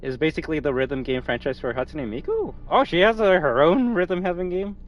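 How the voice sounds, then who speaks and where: A man's voice: on the high side, a little fast, highs cut off, faint music behind. A man streaming a game, chatting casually with nerdy asides and plenty of swearing. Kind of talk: casual gameplay commentary.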